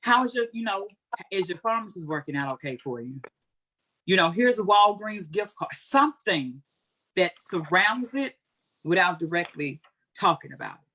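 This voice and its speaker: Earnest, candid woman with a lowish voice. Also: normal speed. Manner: earnest, candid, colloquial, animated storytelling. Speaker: guest speaker. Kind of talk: heartfelt conversational interview answer.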